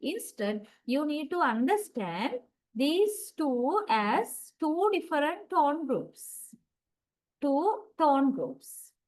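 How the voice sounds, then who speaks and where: A woman lecturer giving an online class, explaining slowly with many fillers. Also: high voice, big pitch swings, a little mellow, rough recording. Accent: South Asian English.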